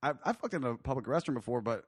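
A man's voice: medium pitch, animated, quick pace, breathy edge, dry recording, studio quality. A man hosting a crude casual chat, reading quiz questions and telling rambling stories with frequent laughter. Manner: laughs often mid-story, loose and rambling.

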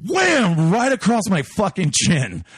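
A man's voice: high voice, slow, husky, no echo, shouting, clean studio sound. A man telling a crude personal story, swearing a lot and acting out what people said. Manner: animated, swears constantly, acts out quotes.

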